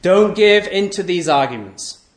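A male preacher with a slightly high, expressive voice gives an emphatic sermon at a somewhat slow pace, repeating key phrases and asking rhetorical questions. His voice often drops low and soft at the ends of phrases, and the room is echoey.

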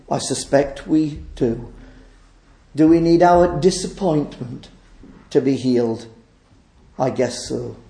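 A man delivers a sermon slowly and earnestly, his voice gravelly and a little higher than most men's. He asks rhetorical questions and moves between loud and hushed delivery. The sound is echoey, like a church hall. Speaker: preacher.

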